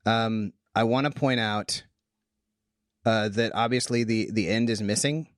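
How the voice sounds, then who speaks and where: Excitable man thinking aloud, dry sound. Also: on the low side, a little slow, no echo. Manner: animated, thinks aloud with restarts. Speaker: podcast host. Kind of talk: casual Bible discussion.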